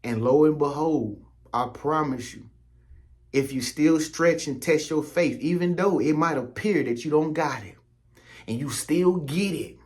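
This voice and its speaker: A man's voice: on the high side, unhurried. Slangy preachy man talking straight to you. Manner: preachy, slangy, repetitive, addresses viewer directly. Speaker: spiritual content creator. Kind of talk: casual motivational spiritual talk.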